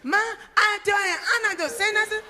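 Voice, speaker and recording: A woman's voice: very high voice, quick pace, sharp tone, slight background noise, pitched above the performer's own voice, exaggerated voice. A woman voicing a mischievous young boy who begs his mother and promises to behave, in a comedy recording. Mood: pleading. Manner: whiny, insistent promising.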